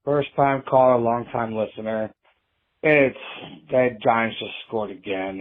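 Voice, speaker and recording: A man's voice: mid-range voice, slow pace. A heartbroken male fan leaves a hotline message, sounding dejected. His voice sits in a middle range. It comes through a narrow, tinny phone line. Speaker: caller.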